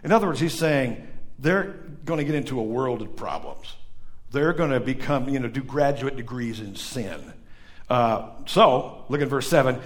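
A man's voice: medium pitch, moderate pace. A man from northern Illinois farm country with a Midwestern accent, preaching a conversational sermon and joking with the congregation. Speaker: pastor. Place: church.

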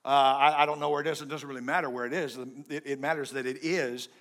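A pastor preaching a sermon in a joking, conversational way, swinging between loud and soft. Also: male voice, mid-range voice, fairly even intonation, quick pace.

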